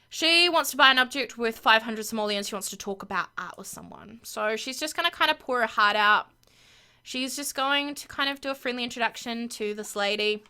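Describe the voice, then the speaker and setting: Woman narrating her sims game, emphatic and chatty, bright higher voice. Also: clear, resonant tone. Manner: emphatic, chatty, repeats fillers. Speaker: gameplay video host. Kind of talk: casual gameplay commentary.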